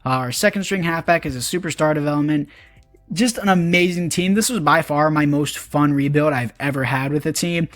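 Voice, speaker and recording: A man's voice: a little high, brisk, fairly bright tone, no echo, soft background music. A young man giving casual, chatty commentary over a video game as a YouTuber, talking to his viewers. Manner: chatty, upbeat, addresses viewers as boys. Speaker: gaming YouTuber.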